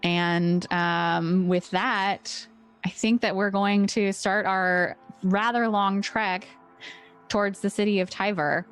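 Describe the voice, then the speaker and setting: A woman running a tabletop game as game master, explaining rules in a relaxed, chatty way. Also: mid-range voice, slow pace, smooth, faint music behind.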